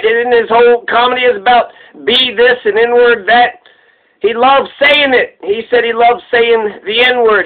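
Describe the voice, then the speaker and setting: A man rambling in a casual, profane and joking way while he comments on a comedian. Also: sits high. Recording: tinny phone-like sound.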